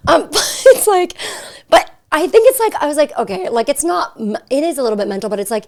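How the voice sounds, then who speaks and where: A woman's voice: high-pitched, big pitch swings, quick pace, darkish tone. A young woman hosting a podcast, talking in a chatty, giggly way full of fillers, recorded in a hotel suite. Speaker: podcast host. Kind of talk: casual chat.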